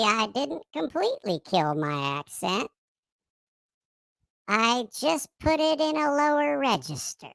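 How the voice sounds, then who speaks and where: A cute, squeaky high voice, bright and edged with fry, drawls along with wild pitch swoops. The tone stays polite and unsure. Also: male voice, no echo, exaggerated voice.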